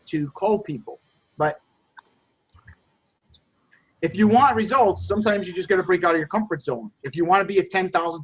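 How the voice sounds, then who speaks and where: High-voiced emphatic man coaching. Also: fairly bright tone, lo-fi sound. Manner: emphatic, repeats himself, acts out buyer dialogues. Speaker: host coaching phone resellers. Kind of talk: casual group chat coaching.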